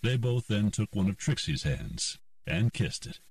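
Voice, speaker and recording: Deep male audiobook narrator, slow and expressive, dry slightly distant recording. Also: no room sound. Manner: steady, unhurried storytelling. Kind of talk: scripted narration.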